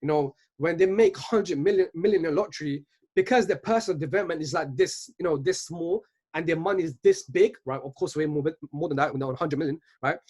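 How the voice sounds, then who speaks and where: A man's voice: a little high, fairly quick, darkish tone. A man in his twenties giving an earnest motivational talk at a virtual business event, often checking in with "right?". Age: 20s. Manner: earnest, keeps asking "right?".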